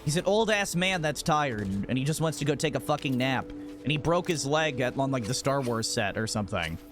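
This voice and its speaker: A man's voice: mid-range voice, expressive, fairly quick, over music. A man streaming a game, chatting casually and telling profane, joking stories in a rambling way. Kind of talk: casual live-stream chat.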